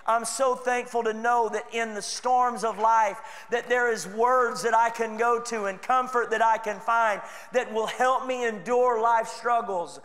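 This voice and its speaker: A man's voice: high voice, a bit bright, in a large hall. A man with a Texan accent preaching a sermon in a church, earnest and conversational, slipping into quoted voices. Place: church sanctuary.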